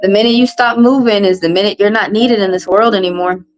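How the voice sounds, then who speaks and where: A woman's voice: mid-range voice, quick pace, faint music behind, rough recording. A woman hosting a tarot live stream, talking bluntly and profanely in a casual monologue and repeating phrases for emphasis.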